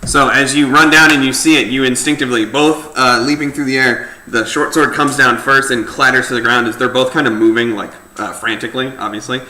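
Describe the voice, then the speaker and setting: Bright-voiced male game master. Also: medium pitch, steady tone, fairly quick, few pauses. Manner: loose, filler-heavy narration. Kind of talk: narrating a tabletop game. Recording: echoey room, faint noise.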